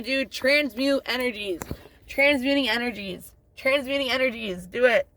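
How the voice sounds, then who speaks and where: A woman vlogging in a loose, wandering monologue, cursing freely and drifting off topic before pulling herself back. Her voice has a gravelly, fry-laden edge at an ordinary middle pitch, and she laughs easily at her own stories. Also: a bit bright. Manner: rambling, profane, laughs often, loses track. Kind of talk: rambling casual monologue.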